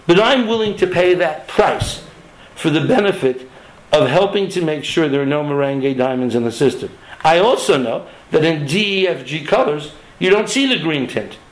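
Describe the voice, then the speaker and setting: A man's voice: a little high, reverberant, poor audio. A man who runs a diamond trading network, making an impassioned, emphatic appeal to its members to stay honest.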